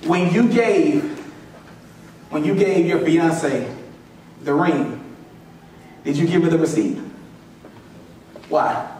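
A man's voice: a little high, slow pace, long pauses, darkish tone, very echoey, far from the mic, a little hiss or hum, rough recording. A man preaching a sermon as pastor, repeating his lines and calling on the congregation to answer back. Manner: call-and-response preaching, repeats lines for emphasis. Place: church sanctuary.

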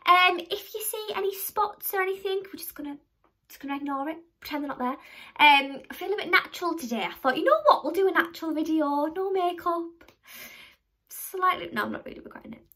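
A young woman chats straight to her camera at home, her voice pitched high and bright. She rambles from story to story and pokes fun at herself as she goes. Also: animated, brisk. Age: young adult. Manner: chatty, rambling, self-mocking storyteller. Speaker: vlogger. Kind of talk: casual chat to camera.

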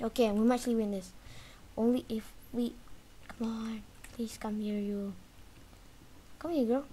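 A woman giving lively commentary while playing a video game, taunting the chaser and yelping when it gets close. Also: on the high side, slight background noise. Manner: animated, talks trash to the game's chaser, sudden yelps and shrieks. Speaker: gaming video creator. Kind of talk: live gameplay commentary.

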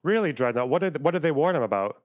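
A man's voice: a little high, lively intonation. A young man streaming live, arguing heatedly with his chat in a profane, rambling way. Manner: profane, argumentative, rapid asides to chat. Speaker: livestreamer.

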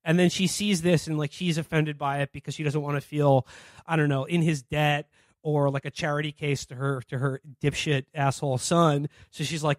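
A man's voice: a little high, fairly even intonation, moderate pace, dry recording, studio quality. Profane laughing man on a podcast. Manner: profane, laughing, acts out quoted characters. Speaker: podcast co-host. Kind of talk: casual comedic podcast chat.

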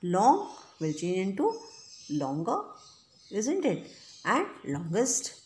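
A woman's voice: mid-range voice, huge pitch swings, slow pace, a little mellow, reverberant. A woman teaching an English grammar lesson, explaining rules patiently and checking in often with the listener. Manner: patient, repetitive, checks in with "right?" and "okay?".

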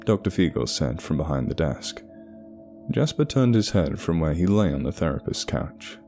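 A man narrating a horror story in a measured, ominous way. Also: extremely low pitch, sing-song, dark tone. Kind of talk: scripted narration. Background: faint music.

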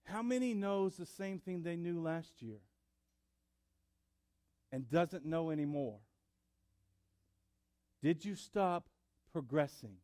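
A man preaching a sermon in church, building up to loud fervor. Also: a little high, animated, takes it slowly, pauses often, no echo. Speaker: pastor. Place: church sanctuary.

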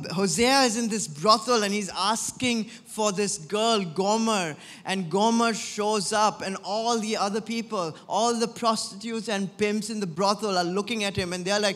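Brief: male preacher, high-pitched and chatty, telling a story to his congregation in a reverberant church. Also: normal speed, a bit bright. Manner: conversational, frequent "right?" tags. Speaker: pastor. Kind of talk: sermon.

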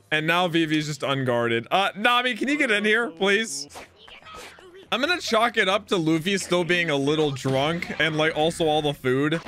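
A man hosting an anime reaction, talking casually to the screen, laughing often and shouting with excitement. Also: sits high, measured pace.

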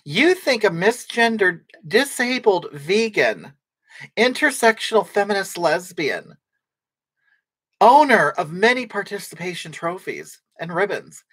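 A woman performs a brash, boozy livestreamer who rambles through viewer comments and snaps back with sarcasm. Her mid-pitched voice sounds dry and close to the mic. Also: big pitch swings, unhurried, fairly bright tone, husky, no echo, exaggerated voice. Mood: snarky. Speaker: livestream comedy character. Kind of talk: improvised comedic livestream chat.

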